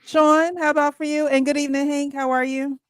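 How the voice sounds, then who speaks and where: A woman's voice: sits high, level tone, fairly quick, no room sound, studio quality. Upbeat woman hosting a video chat. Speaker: host. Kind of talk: casual chat.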